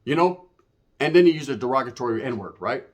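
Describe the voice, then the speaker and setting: With a mid-range voice, a man tells an animated, slightly fast story about life in prison. His casual account is full of profane street slang and punctuated by knocking noises.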